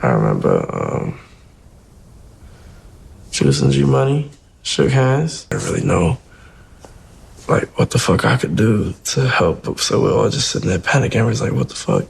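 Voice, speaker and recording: A man's voice: on the low side, very animated, moderate pace, vocal fry, long pauses, a little hiss or hum. A man speaking casually in an interview, telling a story in loose slang. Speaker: interview guest.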